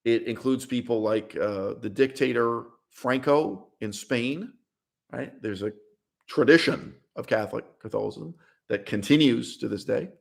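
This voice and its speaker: A man's voice: mid-range voice, unhurried, gravelly. A man hosting a language channel, giving a blunt, opinionated livestream monologue and laughing between points. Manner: emphatic, blunt, laughs mid-sentence, repeats words. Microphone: streaming setup mic.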